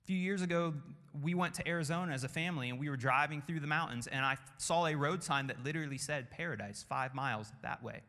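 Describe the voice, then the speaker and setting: A man preaching a sermon with passion, building through repeated phrases and dropping to hushed tones. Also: a little high, fast. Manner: impassioned, rhythmic repetition, drops to hushed tones. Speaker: pastor. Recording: long hall reverb.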